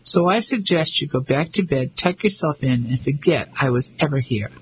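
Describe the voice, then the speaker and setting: A man's voice: a little high, expressive, moderate pace, a little hiss or hum, close to an everyday voice, low-quality recording. A man voicing a self-assured, mocking male fisherman who teases and bluffs in an audiobook reading. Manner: mocking, confident.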